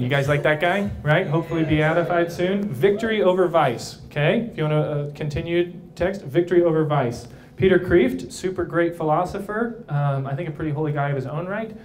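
A priest speaking live to a crowd in a brewery, his male voice sitting a bit high. He keeps the talk loose and playful, checking in often with a quick "right?" A faint hum of the room sits behind him. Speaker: priest speaking at a young adult event.

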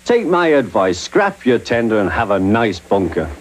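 A man voicing a cheeky little male engine who teases in a bright, playful way. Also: on the low side, big pitch swings, moderate pace, background noise. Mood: teasing. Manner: teasing, cheeky.

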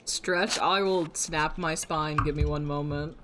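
A woman's voice: deep voice, fairly even intonation, unhurried, music in the background. A woman streaming a video game, ranting in exasperation and swearing at her opponent while talking to her chat. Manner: talks to her chat audience. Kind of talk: casual live-stream commentary.

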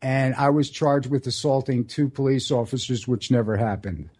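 A man in his sixties hosting a solo radio show, telling stories in a rambling, earnest way and slowing down for emphasis. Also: mid-range voice, a little mellow. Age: 60s. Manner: rambling, earnest storytelling with dramatic slow emphasis. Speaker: radio host.

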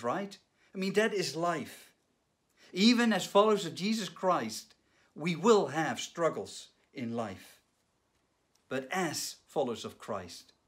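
A male pastor with a slightly high voice delivers a sermon in an earnest, measured way, pausing and restarting now and then. In a dramatic retelling, he lifts his voice for rising, urgent quoted cries.

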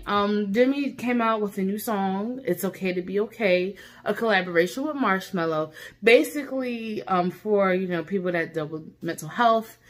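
A young woman talking straight to her viewers in a relaxed reaction vlog. Her voice sits at a middle pitch, and she rambles warmly with plenty of "um" and "like". Faint music plays behind her. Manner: chatty, heartfelt, full of fillers. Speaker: YouTube reaction host.

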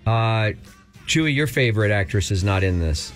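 A man's voice: on the low side, lively intonation, moderate pace, faint music behind. A man co-hosting a radio show, protesting and flustered in loose banter. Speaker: radio co-host.

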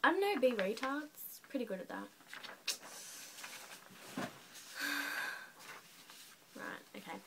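A woman's voice: high-pitched, sing-song, slow pace, long pauses, background noise. An Australian woman hosting a casual vlog chat with her brother, teasing and giggly in a blunt way. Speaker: vlogger host.

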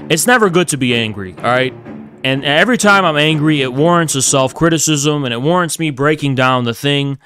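Male streamer, fairly high smooth voice, profane ranting monologue, dry close mic. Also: no echo. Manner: profane, swinging from shouting to quiet lecturing. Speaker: political streamer. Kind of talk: heated livestream rant.

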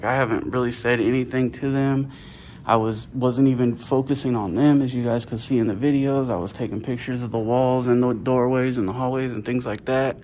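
A man's voice: medium pitch, a little hiss or hum. A man filming inside a public office, arguing with staff and repeating his questions. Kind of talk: confrontational auditor video.

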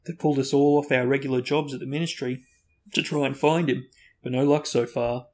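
A man's voice: medium pitch, slow pace. A man voicing a grave, kindly middle-aged wizard father in a storybook reading. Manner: grave, steady.

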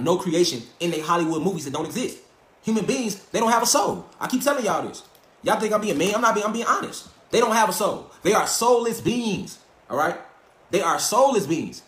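Male lecturer, high voice, profane preachy monologue, roomy echo. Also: fairly bright tone. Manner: emphatic, profane and swaggering, hammers points with repeated rhetorical questions. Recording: echoey room.

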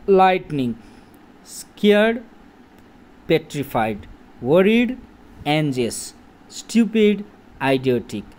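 A man in his late thirties gives an English vocabulary lesson at an unhurried pace. His voice sits a little high, and he repeats each word and keeps asking "okay?" to check that the class follows. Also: a little mellow. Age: 30s. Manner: slow, repetitive, checks in with "okay?" often.

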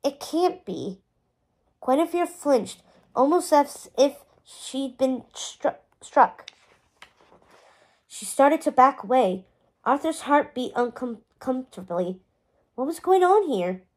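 A woman's voice: sits high, expressive, slow pace, darkish tone. A woman reading a novel aloud as narrator, telling the story expressively.

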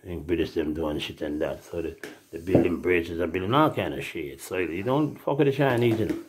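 Man, Jamaican accent, lowish voice, rambling, swearing, casual monologue. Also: fairly quick. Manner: rambling, profane, laughing asides. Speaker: musician.

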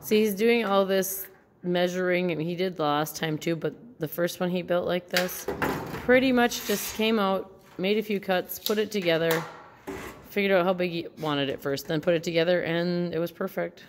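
Woman filming, teasing commentary, low gravelly voice, roomy shop with loud noise behind. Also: normal speed. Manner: teasing, giggly asides. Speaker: camera operator and co-host. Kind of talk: casual chatty commentary. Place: echoey metal shop.

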